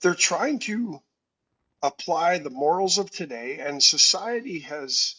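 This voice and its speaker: A man's voice: a little high, lively intonation, slow, bright, forceful tone, husky, lo-fi sound. A man co-hosting a call-in talk show, blunt and emphatic, often repeating words as he starts a thought. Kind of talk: casual political call-in talk.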